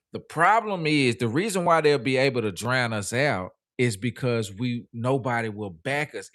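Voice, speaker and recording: A man co-hosting a casual talk show, laying out his points in a measured, reasoning way. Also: mid-range voice. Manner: measured, reasoning, lively intonation. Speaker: podcast co-host. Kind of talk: casual discussion.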